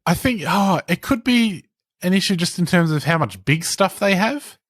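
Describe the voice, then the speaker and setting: A man's voice: sits high, expressive, normal speed, fairly bright tone, dry recording, clean studio sound. A man on a podcast in casual chat, telling wry anecdotes.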